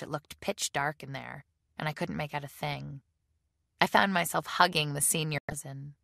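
A woman narrating a novel in a measured audiobook reading. Her voice is low and gravelly. The recording is dry, with no room sound. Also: fairly bright tone, no room sound. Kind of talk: scripted narration.

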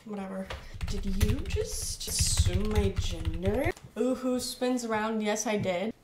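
Young female vlogger, playful and amused, mid-range voice, echoey room recording with clear background noise. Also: mid-range voice, a little slow. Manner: playful, giggly, reads chatbot replies aloud. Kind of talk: casual comedic commentary.

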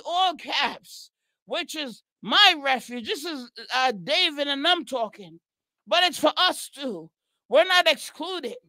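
A woman's voice: high-pitched, pushed and bright, no echo. A woman leading an impassioned spoken prayer, crying out repeated praises and breaking into tongues. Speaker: prayer leader. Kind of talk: fervent spoken prayer and exhortation.

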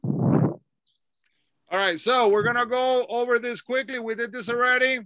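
A man's voice: extremely high pitch, fairly even intonation, unhurried, bright, forceful tone, no room sound. A man teaching English over a video call, patiently drilling pronunciation and switching into Spanish. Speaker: ESL teacher. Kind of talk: online English lesson.

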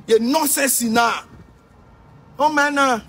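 Nigerian Pidgin man, very high voice, shouting rant, distant mic. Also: slow. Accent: Nigerian Pidgin English. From Edo State, Nigeria. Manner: shouting, sing-song scolding. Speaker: social commentator. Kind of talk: ranting commentary. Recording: distant mic with faint noise.

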